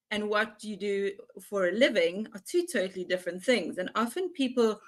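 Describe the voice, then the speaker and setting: Young woman facilitator, chatty and lively, mimics dialogue as she explains. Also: mid-range voice. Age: young adult. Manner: animated, acts out little dialogues. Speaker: workshop facilitator. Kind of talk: conversational explaining.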